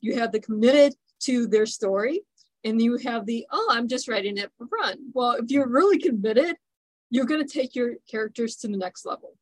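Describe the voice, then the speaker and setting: A woman's voice: fairly high pitch, normal speed, dry recording, low-quality recording. A middle-aged woman hosting a podcast interview. She is chatty and affirming with her guest. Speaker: podcast host. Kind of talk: casual interview chat.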